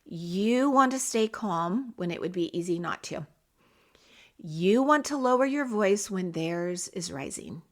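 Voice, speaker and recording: A woman's voice: fairly low pitch, animated, measured pace. A middle-aged woman hosting a parenting podcast who talks straight to the listener in an encouraging, coaching way. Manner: warm, coaching tone, direct address to parents. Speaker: podcast host.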